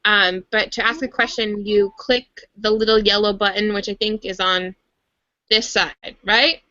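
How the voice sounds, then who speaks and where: A young woman hosts a relaxed live stream, her voice bright and a little sharp, close and dry with almost no room sound. She rambles through fan talk, full of fillers and restarts, over a slightly dull, low-fidelity computer mic. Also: measured pace, no echo. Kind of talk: casual chat.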